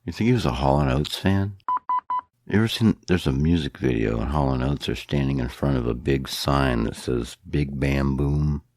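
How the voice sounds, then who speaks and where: A man with a very deep, gravelly voice, co-hosting a podcast in casual chat and trading deadpan jokes. A clear hiss of noise sits under his voice. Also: normal speed. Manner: deadpan joking. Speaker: podcast co-host.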